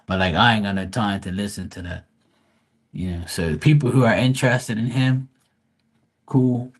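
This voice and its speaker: Profane, rambling man, lowish voice. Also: normal speed, slightly rough. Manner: blunt, profane, rambling with many restarts. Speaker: live stream host. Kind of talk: casual livestream chat.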